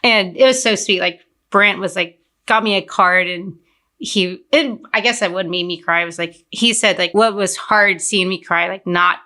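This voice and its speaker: A young woman from Fort Worth sits for a casual interview and retells her business stories with chatty energy. She leans on "like" as a filler and tells them in a lively way. Her tone is clear and bright. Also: medium pitch, normal speed. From Fort Worth, Texas. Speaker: entrepreneur guest.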